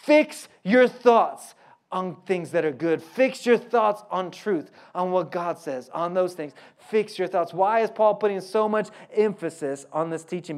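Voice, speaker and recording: A man's voice: high voice, unhurried. A man with an Oklahoma accent preaching a sermon in a folksy way, with joking asides and key lines repeated for emphasis. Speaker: pastor.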